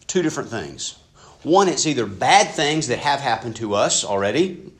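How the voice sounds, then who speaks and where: A man preaching a sermon in an earnest, conversational way, swinging between loud and hushed passages. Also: medium pitch. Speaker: pastor.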